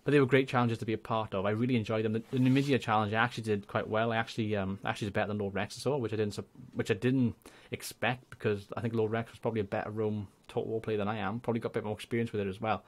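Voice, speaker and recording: A young man with a Welsh accent, a gaming YouTuber chatting casually and rambling through channel shout-outs. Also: lowish voice, fairly even intonation, rapid-fire, hardly any pauses. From Wales. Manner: chatty, rambling, laughs often.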